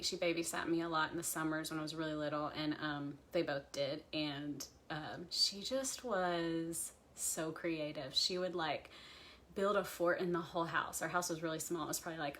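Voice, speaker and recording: A woman with a fairly low voice talks casually to a livestream audience. She is reflective and halting, full of ums and restarts as she remembers someone close to her. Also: steady tone, a bit bright, slight background noise. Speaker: pastor hosting a livestream chat.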